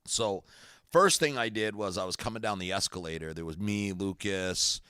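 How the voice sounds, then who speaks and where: A man co-hosting a podcast, joking loudly and telling rowdy stories in casual banter. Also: low-pitched, normal speed, clear, resonant tone, dry recording, clean studio sound. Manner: loud, rowdy, joking storyteller. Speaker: podcast co-host.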